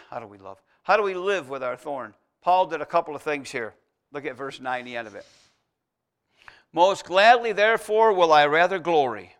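A male pastor preaching a sermon. He builds emphatic repeated phrases, then drops to a soft, intimate tone. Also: high-pitched. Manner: preaching with rising, emphatic repetition.

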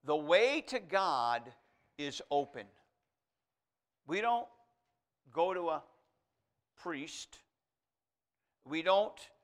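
A male preacher giving a sermon, reading scripture aloud and moving from quiet asides to loud, emphatic declarations. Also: a little high. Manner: reads scripture aloud in King James wording.

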